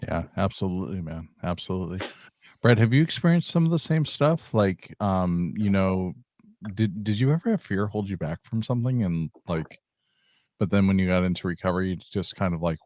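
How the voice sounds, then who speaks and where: A man's voice: deep voice, expressive, brisk, a little mellow, dry recording, clean studio sound. A man hosting a casual interview, talking conversationally with many fillers. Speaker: host.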